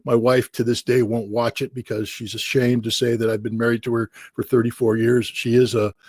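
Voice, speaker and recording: Wry husky-voiced man telling stories. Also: mid-range voice, level tone, brisk, darkish tone, dry recording. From United States. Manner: wry, self-deprecating, laughs often. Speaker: interview guest. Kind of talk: anecdotal storytelling.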